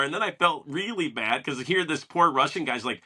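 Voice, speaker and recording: A man's voice: a little high, expressive, moderate pace, bright, forceful tone, breathy edge. A man hosting a podcast, chatting casually and telling stories with enthusiasm, acting out what people said. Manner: enthusiastic storyteller, acts out quotes. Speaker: podcast host. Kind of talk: casual interview chat.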